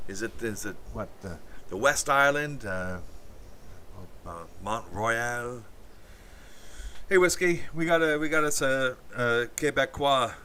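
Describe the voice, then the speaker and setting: A man hosts a casual livestream, reading and answering chat messages aloud. His voice is bright and forceful, and his speech wanders with many halting restarts. There is a faint hiss of noise behind him. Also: mid-range voice. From Canada.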